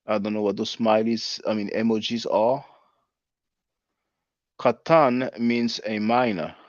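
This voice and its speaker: This channel host, a man in his forties, reads live chat comments aloud and answers them in casual commentary, spelling words out and laughing at what viewers write. His voice is fairly low and fairly even in intonation, and he speaks slowly. The recording has no room sound, and the highs are cut off.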